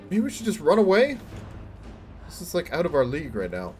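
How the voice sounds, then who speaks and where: A man streaming himself playing a game, reacting loudly and swearing at what happens on screen. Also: fairly high pitch, a little fast, faint music behind. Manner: excitable, swearing, shouting at the game. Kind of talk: live gameplay commentary.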